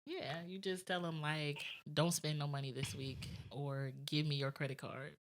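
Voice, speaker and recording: A woman's voice: deep voice, little pitch movement, moderate pace. A woman talking frankly in a casual podcast chat, matter-of-fact, laughing often.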